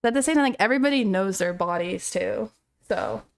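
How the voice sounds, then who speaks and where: A woman's voice: mid-range voice, lively intonation, brisk, creaky. A young woman streaming live, chatting casually with viewers and telling a story with laughs. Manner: chatty, laughing storyteller reading chat aloud.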